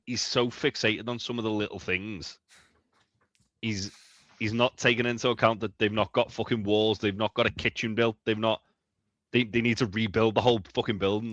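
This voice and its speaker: A man's voice: fairly low pitch, a bit bright, no echo, dull audio. A man co-hosting a podcast who rambles through his opinions, swears casually and often restarts words. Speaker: podcast co-host. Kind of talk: casual chat.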